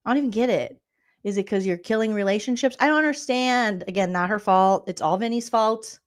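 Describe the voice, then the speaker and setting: A woman's voice: mid-range voice, brisk. A woman comedian hosting a reality-TV recap vlog, talking sarcastically and breaking into mocking impressions.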